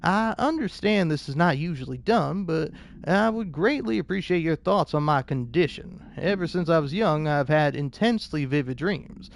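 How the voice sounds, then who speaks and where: A man's voice: a little high, animated, vocal fry, slight background noise. A man putting on a formal British letter-writer. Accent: put-on British. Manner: formal, measured reading. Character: formal letter-writing man haunted by dreams.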